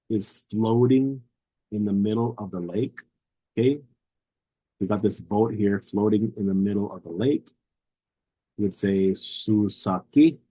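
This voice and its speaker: A man's voice: lowish voice, warm tone, breathy edge, poor audio. A man teaching a language lesson, patiently repeating each word several times to model its pronunciation.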